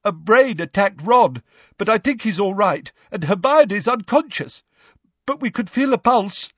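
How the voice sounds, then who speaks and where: A man's voice: sits high, animated, unhurried, breathy edge, no room sound, highs cut off, pitched above the performer's own voice, heavily acted. A man voicing a nervous teenage boy who stammers anxiously. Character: nervous teenage boy, shaken but loyal.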